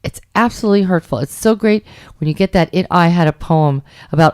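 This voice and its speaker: Middle-aged woman co-host, smooth low-ish voice, emphatic and animated storyteller, dry close sound. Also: brisk, no room sound. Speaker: radio show co-host. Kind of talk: casual chat about dating.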